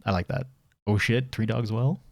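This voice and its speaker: A young Irish man with a lowish, gravelly, somewhat dark voice chats casually on a stream at a moderate pace, reviewing community submissions. He rambles, pokes fun at himself and laughs a lot. The studio-quality recording has no echo.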